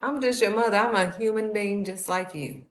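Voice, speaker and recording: A woman's voice: mid-range voice, normal speed. A woman, preaching a sermon in a heartfelt, conversational way. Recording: echoey room.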